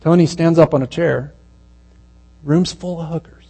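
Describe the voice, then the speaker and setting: A man preaching a sermon, telling a story in a conversational way and dropping to a hushed, slow voice at its tender moments. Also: a little high, fairly even intonation, breathy edge, rough recording.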